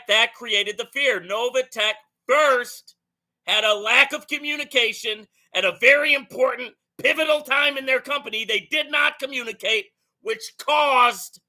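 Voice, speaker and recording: Bright, emphatic man giving commentary. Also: extremely high pitch. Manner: animated, emphatic, keeps asking "right?". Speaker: host. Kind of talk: commentary on played clips.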